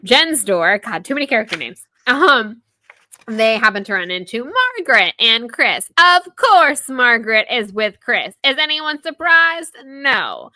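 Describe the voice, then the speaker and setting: With a fairly high pitch and a measured pace, a young woman hosts a podcast where she casually goes over a book chapter. She retells the scenes animatedly and chattily, using "like" a lot. The recording is dry.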